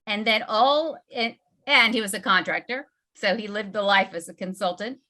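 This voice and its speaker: A woman's voice: mid-range voice, normal speed, pushed and bright. A woman with a Southern US accent hosting a casual book club webinar, chatty and full of fillers. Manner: chatty, filler-heavy, laughing often. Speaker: host.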